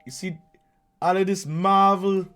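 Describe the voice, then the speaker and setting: Guy doing a loud jamaican dude, acting all offended, drawly and a bit higher. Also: level tone, measured pace, clear, resonant tone, soft background music. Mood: mock-offended. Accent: Jamaican, put on. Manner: drawling, jokey patois put-on. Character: brash mock-offended Jamaican man.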